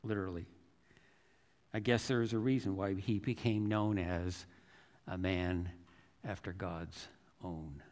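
Preacher in a reverberant church. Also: male voice, low-pitched, fairly even intonation, unhurried, long pauses, a little mellow. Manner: conversational, reflective, self-deprecating. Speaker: pastor. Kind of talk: storytelling sermon.

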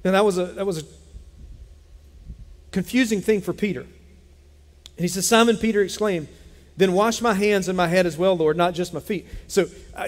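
Animated male pastor in a reverberant hall. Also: high-pitched, normal speed, pauses often. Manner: animated storytelling, acts out Bible characters. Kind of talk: sermon. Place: church sanctuary.

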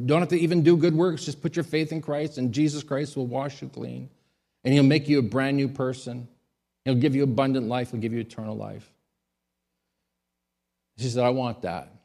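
A man, a pastor, giving a sermon: he tells stories in a quiet voice and rises to loud, emphatic high peaks. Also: steady tone, moderate pace, vocal fry.

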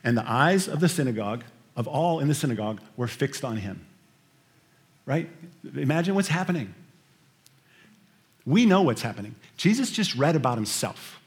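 A man preaching a sermon, shifting between hushed scripture reading and loud, emphatic storytelling. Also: mid-range voice, sing-song, moderate pace, long pauses. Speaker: pastor.

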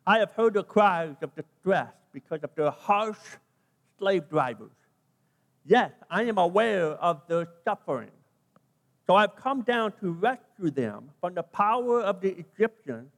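Man, pastor, sermon, high lively voice, long hall reverb. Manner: animated preaching, acting out quoted voices.

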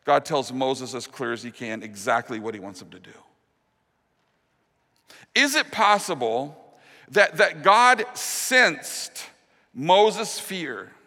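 Bright-voiced male pastor preaching in a hall. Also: big pitch swings, takes it slowly, long pauses. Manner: earnest preaching, drops to a hushed low voice on key promises. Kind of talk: sermon. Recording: long reverb of a large hall.

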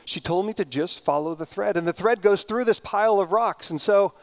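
A man's voice: sits high, brisk, dry recording. A man voicing an earnest eight-year-old girl.

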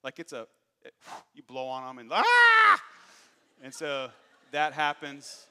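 A male pastor in his thirties preaches in a bright, forceful voice and tells candid stories about his own failures with a dry, self-deprecating edge. His words hang in the long reverb of a large church hall. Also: fairly high pitch, smooth. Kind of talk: sermon.

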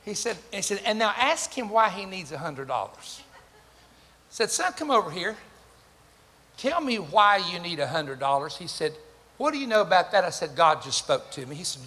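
A man's voice: sits high, moderate pace. An older man, preaching a sermon and telling stories, acting out the voices of the people in them. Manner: animated, acts out quoted voices, jokes with the congregation. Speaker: pastor. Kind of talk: sermon with storytelling. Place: church sanctuary. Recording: reverberant hall with faint ambient noise.

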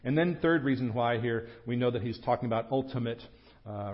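A man's voice: mid-range voice, lo-fi sound. A man preaching a sermon in a church, earnest and emphatic. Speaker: pastor. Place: church sanctuary.

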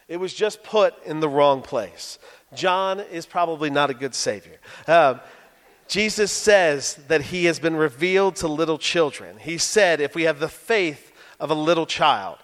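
A man's voice: high voice, a bit bright, big-room sound. A male pastor in his thirties giving a sermon, telling stories with self-deprecating humor. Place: church sanctuary.

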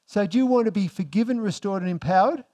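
A pastor preaching a sermon, asking the congregation rhetorical questions and swinging between emphatic and hushed delivery. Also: male voice, high voice, fast.

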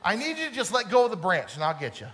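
Brief: preacher voicing a relaxed, comforting God, high voice, echoing hall. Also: male voice, fast, full character voice. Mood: reassuring. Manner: easygoing, reassuring. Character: calm male voice of God from above. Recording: long hall reverb.

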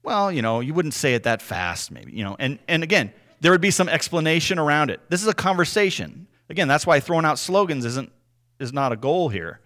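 A man giving a conversational Bible teaching, explaining things earnestly and often checking in with a quick "right?". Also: fairly high pitch, sing-song, a bit bright.

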